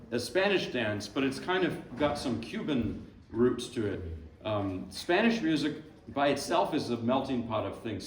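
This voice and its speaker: A man's voice: medium pitch, recorded from a distance, a little hiss or hum. Man, lecture recital host, rambling and chatty, roomy hall sound, a bit away from the mic. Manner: chatty, rambling, self-amused asides. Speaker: performer giving a lecture recital. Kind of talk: casual spoken introduction to a recital. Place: hall with live audience. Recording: echoey hall, speaker off-mic.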